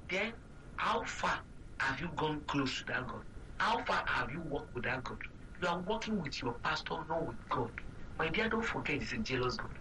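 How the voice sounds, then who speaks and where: Bright-voiced Nigerian pastor preaching. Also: male voice, a little high, very animated, moderate pace, far from the mic, a little hiss or hum, low-quality recording. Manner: repetitive, emphatic preaching with rhetorical questions. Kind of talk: sermon.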